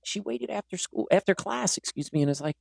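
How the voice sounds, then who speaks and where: A man's voice: high-pitched, fairly quick, creaky, no echo. A man hosting a podcast and working as a teacher, telling stories in a casual way and acting out the dialogue. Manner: animated, acts out quoted dialogue. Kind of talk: casual conversational storytelling.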